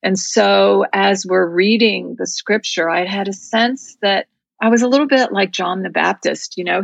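Gravelly husky woman telling a heartfelt story. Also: medium pitch, dry recording, dull audio. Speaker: interview guest. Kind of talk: storytelling in a faith interview.

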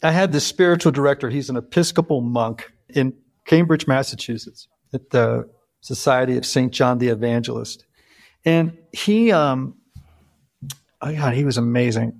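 A man in his fifties hosting a podcast interview, telling stories reflectively and slowing down to stress key lines. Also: medium pitch, gravelly. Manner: reflective, storytelling, slows down for emphasis. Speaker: podcast host. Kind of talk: conversational interview. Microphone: video call.

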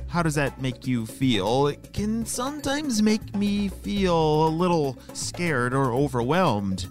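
A man hosting a children's podcast, telling a story and explaining things to kids in an animated way. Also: fairly high pitch, takes it slowly, hardly any pauses, faint music behind.

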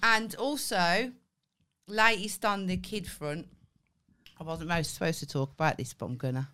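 A woman's voice: on the low side, a little slow, sharp tone. A woman with a Brummie Scouse accent co-hosting a podcast, blunt, sweary and teasing in casual chat. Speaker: podcast co-host.

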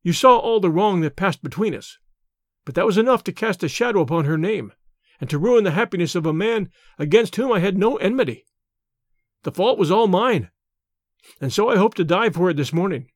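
A man reading an audiobook, voicing a calm, chivalrous jungle-raised gentleman who speaks in a measured, formal way. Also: high voice, dry recording, clean studio sound. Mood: earnest.

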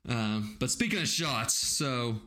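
A man's voice: mid-range voice, lively intonation, takes it slowly, sharp tone. A man hosting a casual movie podcast, recapping scenes with frequent laughter. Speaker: podcast host.

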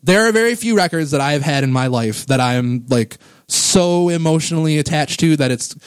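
A man's voice: fairly high pitch, animated, brisk, smooth, no room sound. A man in his thirties or forties hosting a casual music podcast, rambling with enthusiasm and getting emotional about favorite records, on a close microphone. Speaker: podcast host.

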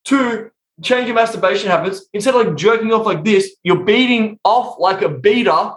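Profane, animated man in a roomy space. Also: high-pitched, normal speed. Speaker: sex and intimacy coach, guest. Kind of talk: casual podcast interview. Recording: roomy echo.

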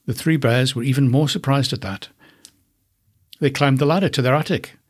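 A man, a podcast host, narrating a children's storybook in an expressive, unhurried way. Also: mid-range voice, husky.

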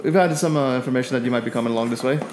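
A man voicing a gruff old male dwarf fond of his ale, in a tabletop game. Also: medium pitch, very fast, over music, natural voice.

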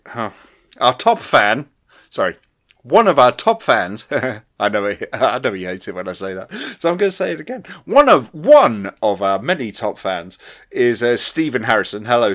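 A man reading out listener messages on a chatty podcast, his voice sitting at an ordinary middle pitch. He laughs a lot, trips over his own restarts and swears casually as he goes. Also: wildly swooping pitch, moderate pace, a bit bright. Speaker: podcast co-host.

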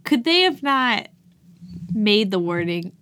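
Slow-talking woman, incredulous podcast co-host. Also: medium pitch, sing-song, a bit bright. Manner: incredulous, laughing questions. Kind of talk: casual movie review chat.

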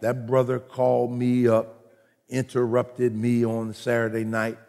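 Gravelly preaching man in a hall. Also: mid-range voice, measured pace, soft background music. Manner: animated preaching, jokey, swings loud and soft. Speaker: pastor. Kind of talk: sermon. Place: church hall. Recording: reverberant hall recording.

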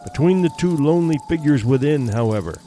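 A man's voice: fairly high pitch, lively intonation, brisk, mellow, a little hiss or hum. Man narrating a ghost story.

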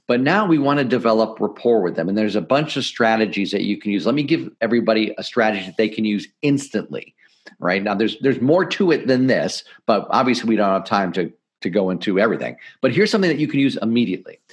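A middle-aged man, a podcast guest, explaining sales techniques in an energetic, emphatic coaching manner. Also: fairly low pitch, fast, highs cut off. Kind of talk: podcast interview, teaching sales tips.

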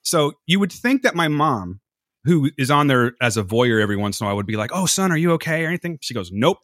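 A man's voice: medium pitch, fast talker, no room sound, studio quality. A man, hosting a podcast and telling rambling, profane stories. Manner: animated, profane, jumps between anecdotes. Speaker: podcast host. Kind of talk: casual storytelling chat.

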